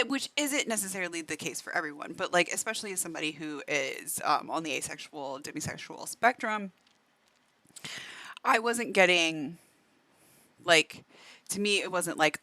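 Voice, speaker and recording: A woman's voice: low voice, pushed and bright, no room sound. A woman streamer chatting casually while reacting to a video, filling her talk with "like" and laughing often, sometimes talking with food in her mouth. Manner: talks while eating.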